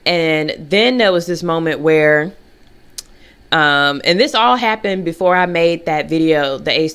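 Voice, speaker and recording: Animated woman telling a story to camera. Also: smooth. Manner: animated, swings into high mocking voices and laughs often. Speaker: vlogger.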